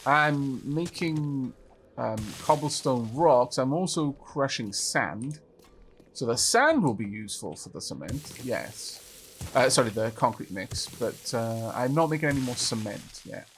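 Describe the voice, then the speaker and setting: A man hosting a co-op survival game video, thinking aloud about building and bantering with his teammate, apologetic and quick to giggle. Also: mid-range voice, lively intonation, a little hiss or hum. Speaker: gaming channel host. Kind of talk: co-op gameplay commentary.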